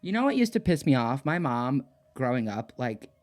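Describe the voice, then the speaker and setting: A young man chatting on a podcast, his voice rising and falling widely as he talks. He giggles often and mocks himself in quick asides, keeping the tone loose and casual. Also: medium pitch, very animated. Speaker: podcast co-host. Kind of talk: casual chat.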